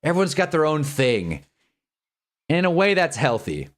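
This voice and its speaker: A man's voice: fairly high pitch, big pitch swings, moderate pace. A man in his twenties ranting casually on a livestream, rambling and joking with frequent laughs. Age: 20s. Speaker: livestream host.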